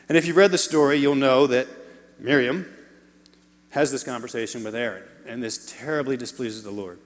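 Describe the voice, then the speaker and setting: A man preaching a sermon in an animated way, shifting his volume and adding playful asides to the congregation. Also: mid-range voice, fairly quick, big-room sound.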